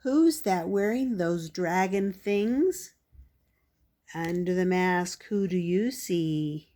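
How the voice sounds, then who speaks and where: An older woman reading a picture book aloud to children as a grandmother, lifting her voice for the animal sounds. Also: takes it slowly. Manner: plays animal sounds in a higher, louder voice, with soft laughs.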